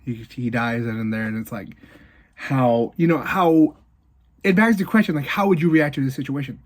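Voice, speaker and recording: Here a man reviews a film casually, recounting the story in a lively way full of filler words and fast side comments. He speaks in a mid-range voice.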